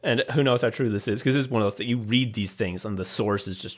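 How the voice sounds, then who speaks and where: A man who is a guest on a casual podcast, talking in an animated, rambling way with many restarts. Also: fairly low pitch, a little fast, hardly any pauses.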